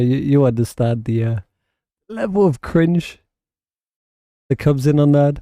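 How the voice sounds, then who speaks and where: Brief: South African male streamer, fairly high voice, warm and mellow tone, loose chatty delivery into a dry close mic. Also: expressive, a little slow, long pauses, no echo. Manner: rambling, chatty, reads and answers chat. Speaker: livestream host and gamer. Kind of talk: casual livestream chat.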